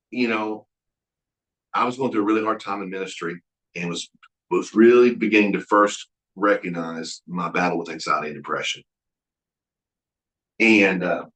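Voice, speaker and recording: Speaking as a guest at a Bible college, this deep-voiced, middle-aged man from Oklahoma mixes storytelling into a leadership talk that sounds like a sermon. His tone is fairly bright, his manner folksy and sincere, and he keeps restarting as he plays out past dialogues. His low voice carries through an echoey hall.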